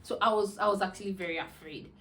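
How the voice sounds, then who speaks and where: A young woman recounts a personal story to her viewers. She talks casually and chattily, with lots of "you know" and "like", restarting sentences as she goes. Her pitch sits in the middle for a woman. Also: fast, fairly bright tone. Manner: chatty, many fillers and restarts, laughs often. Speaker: vlogger.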